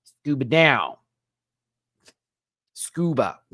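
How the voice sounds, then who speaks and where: A man hosting a live recap stream, talking in a sassy, campy way with big swoops in pitch. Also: animated, normal speed, no room sound, studio quality.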